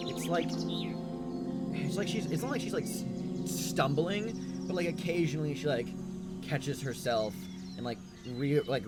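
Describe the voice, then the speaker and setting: A man narrating a tabletop game as game master, hesitant and full of "like" and "um". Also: mid-range voice.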